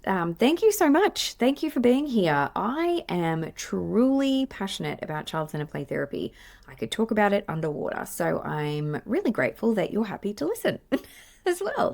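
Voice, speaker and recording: A woman's voice: on the low side, creaky, darkish tone. A woman in her forties with an Australian accent, hosting her own podcast in chatty, effusive, rambling talk. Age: 40s. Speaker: podcast host, play therapist. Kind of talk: casual solo podcast chat. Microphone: podcast microphone.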